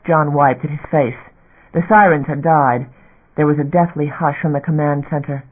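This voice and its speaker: A man's voice: a little high, steady tone, moderate pace. Male audiobook narrator, tinny narrow sound.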